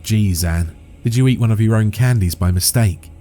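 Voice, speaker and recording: A man's voice: lowish voice, normal speed, warm tone, soft background music, voice pushed up, natural voice. A man voicing a teasing, prankish young male friend.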